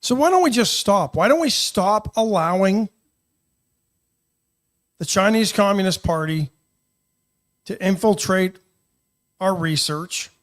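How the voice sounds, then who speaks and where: A man co-hosting a talk radio show, chatting casually and getting animated, often restarting his sentences. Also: sits high, slow pace, long pauses.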